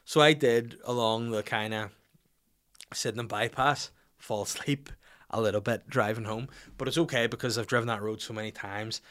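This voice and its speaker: A man's voice: mid-range voice, fairly even intonation, normal speed, fairly bright tone. A Northern Irish man in his thirties, a podcast host telling a rambling anecdote, swearing freely and mimicking people in his stories. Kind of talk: casual storytelling.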